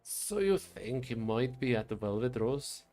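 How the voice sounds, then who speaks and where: Man doing a dry, blunt dwarf sleuth, gravelly. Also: mid-range voice, very animated, measured pace, mellow, soft background music. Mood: impatient. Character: stern male dwarf investigator.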